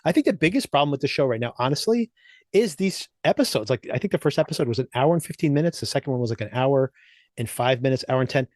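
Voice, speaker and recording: A man's voice: mid-range voice, lively intonation, fast, no room sound, clean studio sound. A man co-hosting a podcast, chatting casually and recapping a TV show in an easygoing, agreeable way. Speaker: podcast co-host. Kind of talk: casual chat.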